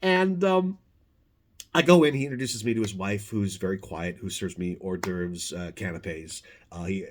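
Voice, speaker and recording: A man telling a casual, animated anecdote to the camera, full of swearing and restarts. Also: lowish voice, moderate pace. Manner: profane, animated, self-interrupting. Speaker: storyteller, former podcast host.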